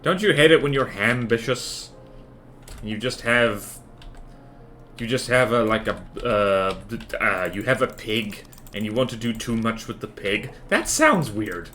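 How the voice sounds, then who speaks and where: A man streams casual chatter as he builds in a game, meandering, playful, and self-mocking. His mid-range voice has lively intonation and a bright, forceful tone, delivered a little slowly, with a slight hiss or hum.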